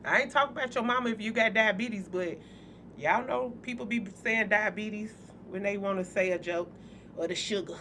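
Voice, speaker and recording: A woman's voice: mid-range voice, normal speed, sharp tone, a little hiss or hum. Blunt, foul-mouthed woman hosting spiritual chat. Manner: blunt, profane, joking, speaks straight to viewers. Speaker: spiritual channel host. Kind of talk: casual spiritual chat to viewers.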